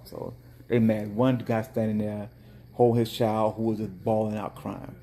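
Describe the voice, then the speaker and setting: Small-business owner, male, low mellow voice, lively casual storyteller. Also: moderate pace. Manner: animated, chatty storyteller with bursts of mock outrage. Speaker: dessert cart owner.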